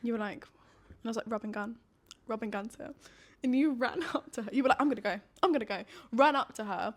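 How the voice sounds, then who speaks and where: Chatty young woman, slightly high. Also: fairly quick. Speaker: podcast co-host. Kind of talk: casual chat.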